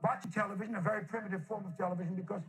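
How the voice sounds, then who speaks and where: A man's voice: sits high, fairly even intonation, racing, natural voice. Man doing a kvetching two-thousand-year-old man. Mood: kvetchy. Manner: schmaltzy, kvetching, rambling. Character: ancient bragging 2000-year-old man, old Jewish storyteller. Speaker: comedian. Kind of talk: improvised comedy character Q&A.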